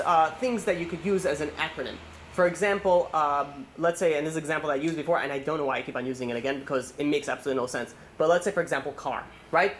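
Fast, rambling man giving a sermon. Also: a little high, a bit bright, a little hiss or hum. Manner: fast, rambling storyteller with many restarts and fillers. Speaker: rabbi. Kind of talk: holiday sermon with a story.

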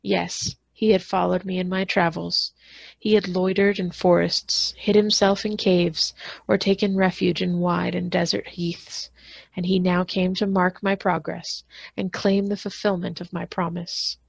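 A woman librarian reads a classic novel aloud at a steady pace, now and then stumbling and restarting on a difficult word. Her voice sits fairly low with a noticeable gravelly fry. The recording is dry and close. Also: a little slow, no room sound. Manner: steady reading with occasional restarts on hard words. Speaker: school librarian.

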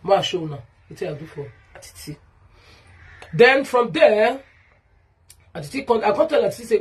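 A woman's voice: mid-range voice, big pitch swings, moderate pace, long pauses, slightly rough. A woman with a Nigerian Pidgin accent ranting in a vlog monologue, heated and repetitive as she calls someone out by name. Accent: Nigerian Pidgin English. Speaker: vlogger.

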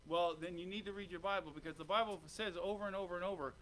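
A man's voice: high-pitched, steady tone, quick pace, a bit bright. A man preaching a sermon to his congregation, fervent, questioning the listeners and waiting for their answers. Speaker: pastor. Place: church sanctuary.

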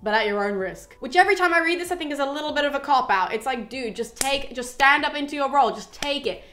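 A woman's voice: high voice, a bit bright. Bubbly young woman doing a casual book recap. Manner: chatty and irreverent, swears freely. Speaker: host retelling a classic epic.

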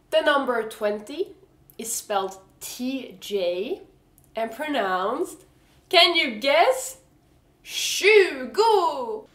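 A Swedish-accented woman with a somewhat high voice gives a casual video lesson, talking slowly and deliberately. She is frank and swears with exasperated humor, and the room around her sounds echoey. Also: fairly bright tone. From Sweden. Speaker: vlogger teaching Swedish pronunciation.

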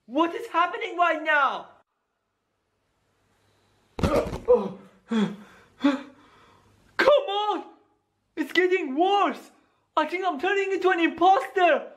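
Excitable high-voiced gaming YouTuber man. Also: takes it slowly, long pauses. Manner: excitable, exclaiming to viewers. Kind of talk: excited scripted skit narration.

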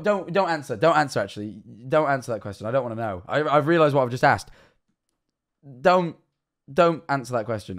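Rambling, swearing young man. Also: mid-range voice. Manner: rambling, incredulous, swears often. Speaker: streamer. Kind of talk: live-stream reaction commentary.

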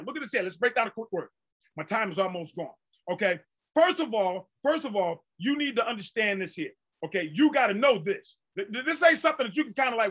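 A middle-aged man preaching a sermon as pastor, emphatic and repetitive, now and then bursting into shouts. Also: high voice, big pitch swings, quick pace, slightly rough.

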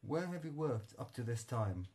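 A man voicing a kind-hearted lighthouse official who asks brisk questions in an audiobook. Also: mid-range voice, very animated, darkish tone, slightly rough. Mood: questioning. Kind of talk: audiobook character reading.

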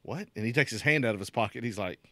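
A man's voice: lowish voice, rapid-fire, fairly bright tone, no room sound. A man in his thirties co-hosting a casual podcast chat, joking and laughing often. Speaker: podcast co-host.

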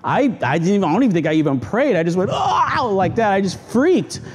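A middle-aged man, a pastor, preaching a sermon in a church and telling stories with sudden animated outbursts. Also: high voice, fast talker, breathy edge. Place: church sanctuary.

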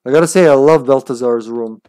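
A man's voice: mid-range voice, a little fast, darkish tone, no echo, studio quality. A man chatting playfully and laughing as he plays a game on a live stream.

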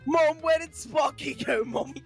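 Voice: sits high, measured pace, soft background music. A gaming friend on voice chat teasing, tagging lines with 'mate'. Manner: jokey mock-cockney teasing, tags 'mate'.

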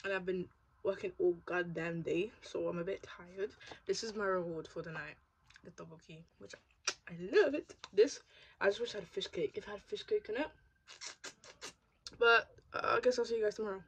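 A woman's voice: mid-range voice, normal speed, fairly bright tone, slight background noise. A young woman chatting casually in a vlog, tired and talking while she eats. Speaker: vlogger.

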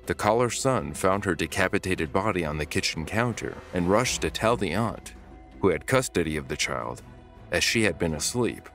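Brief: deep male narrator, steady scripted read, faint music behind. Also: moderate pace.

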